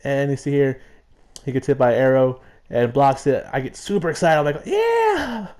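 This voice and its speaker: Guy chatting over a game, mellow voice, rambly and laid back. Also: mid-range voice, steady tone, brisk, smooth. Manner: rambling, chuckling, filler-heavy. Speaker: gameplay narrator. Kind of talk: casual let's-play commentary.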